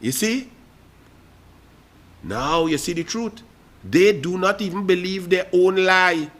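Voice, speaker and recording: A man's voice: high voice, slow pace, fairly bright tone. A man with a Trinidadian accent hosting a political talk show, delivering a fiery, mocking commentary monologue straight to his listeners.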